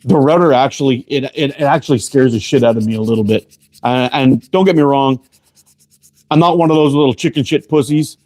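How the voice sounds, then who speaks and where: A man's voice: mid-range voice, a little fast, a little mellow. A man hosting a casual livestream while working in his shop, chatting loosely and swearing freely as he greets viewers by name. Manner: laid-back, profane, greets viewers by name. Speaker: livestream host and slingshot maker. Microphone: camera close up, leaning in to read chat.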